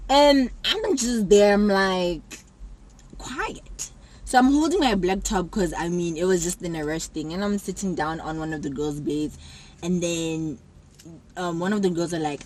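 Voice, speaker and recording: A young woman telling a personal story to camera in a casual, animated way, acting out what people said. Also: fairly low pitch, normal speed, a little hiss or hum, low-quality recording. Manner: animated, acts out quotes with sudden loud jumps. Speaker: vlogger.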